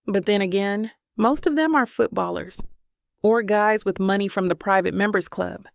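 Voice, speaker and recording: Woman reading a romance audiobook, gravelly bit of fry, dry close sound. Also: mid-range voice, normal speed, no room sound. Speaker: audiobook narrator. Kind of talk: first-person romance audiobook narration.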